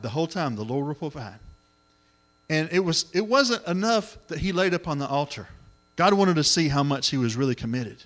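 Middle-aged preacher, lively delivery, acts out the voices in his sermon. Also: fairly high pitch, brisk. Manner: animated storytelling, acts out voices, exclamations of hallelujah.

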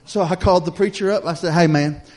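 A middle-aged man, preaching a sermon in a folksy storytelling way that builds to loud exhortation. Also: high voice, fairly even intonation, quick pace.

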